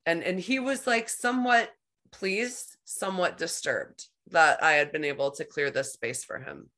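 Woman, podcast host, deep voice, conversational, animated retelling. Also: moderate pace. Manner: rambling, heavy use of "like", animated retelling. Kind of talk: conversational storytelling.

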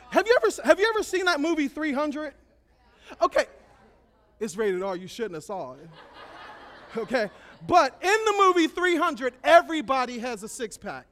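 A man preaching to young people, retelling a story in a joking, slangy, animated way. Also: very high voice. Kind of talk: casual storytelling sermon.

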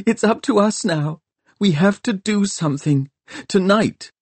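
A man's voice: high-pitched, unhurried, no room sound, pitched above the performer's own voice. A man voicing a distraught young woman who speaks urgently and earnestly through tears. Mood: tearful. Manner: tearful, earnest.

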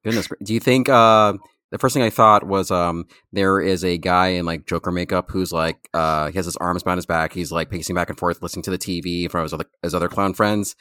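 A man with a very low voice chats loosely on a podcast, filling his sentences with "like" and stopping to restart them. He breaks into silly high voices for jokes. The sound is close and dry. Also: fairly even intonation, quick pace, sharp tone, smooth, no room sound. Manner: rambling, lots of "like" and restarts, jumps into jokey high voices. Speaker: podcast co-host or guest. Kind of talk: casual chat.

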